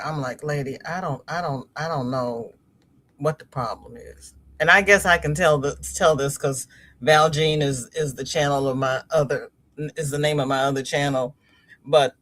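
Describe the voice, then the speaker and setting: A middle-aged woman hosting a casual crochet livestream, chatting with viewers, telling stories and laughing often. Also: deep voice. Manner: animated storyteller, laughs often. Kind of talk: casual livestream chat, reading viewer comments.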